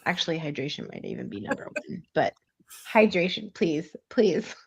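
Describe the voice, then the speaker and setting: A woman's voice: sits low, huge pitch swings, moderate pace, gravelly, slight background noise. A woman coach giving casual nutrition advice on a group video call, chatty, with frequent laughs and ums. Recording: muffled video-call audio.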